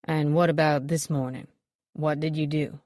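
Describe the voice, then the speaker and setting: A woman reading the part of a stern, no-nonsense male police detective who questions in a slow, measured way. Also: low voice, steady tone, a little mellow, no echo, studio quality, lightly acted.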